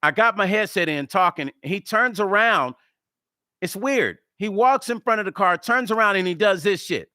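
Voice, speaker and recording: A man tells a story straight to his viewers, acting out each quoted line and swearing as he goes. His voice sits high and sounds bright and forceful. The recording is dry and close, with almost no room sound. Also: moderate pace, no echo. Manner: animated, acts out quoted dialogue, swears freely. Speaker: music vlogger. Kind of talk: casual storytelling to camera.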